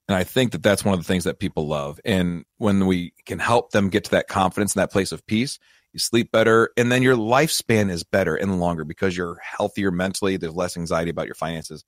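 Low-voiced man telling a story. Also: fast, no echo, clean studio sound. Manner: animated, self-deprecating storyteller. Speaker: financial advisor and show host. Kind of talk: casual storytelling chat.

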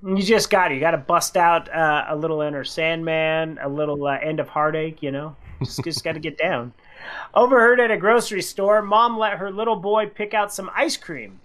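A man's voice: moderate pace, fairly bright tone. Man co-host telling funny anecdotes. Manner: storytelling, acting out quotes with jumps in pitch. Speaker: radio co-host. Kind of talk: casual chat reading listener anecdotes.

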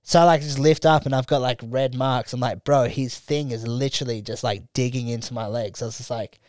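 A young Australian podcast co-host tells a crude travel story in casual chat, animatedly acting out the people and their quotes while swearing heavily. His mid-range voice is brisk, and the studio-quality recording has no room sound.

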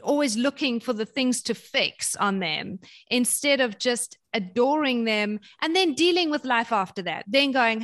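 Woman, from South Africa, fairly high voice, podcast guest, animated storyteller, repeats words. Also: a little slow, hardly any pauses. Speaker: parenting guest. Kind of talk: casual podcast conversation.

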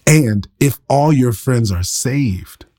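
A man's voice: medium pitch, expressive, slow pace, dark tone. A man in his thirties, a pastor, teaching the Bible in a casual, conversational way, laughing often and poking fun at himself.

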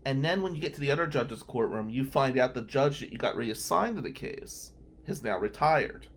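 A man's voice: mid-range voice, animated, moderate pace. A man hosting a podcast, a lawyer telling wry, incredulous stories from his working day. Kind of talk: storytelling monologue.

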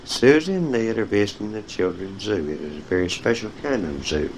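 A man's voice: on the low side, expressive, a little fast, slight background noise, low-quality recording. A man reading children's picture-book stories aloud, speaking directly to young listeners and telling them when to turn the page. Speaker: storyteller.

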